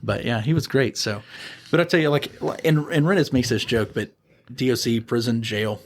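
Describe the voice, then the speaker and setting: A man, a podcast guest, telling animated stories in casual chat and acting out the people in them. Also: medium pitch, normal speed, slight background noise. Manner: animated storyteller, acts out voices. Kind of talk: casual storytelling.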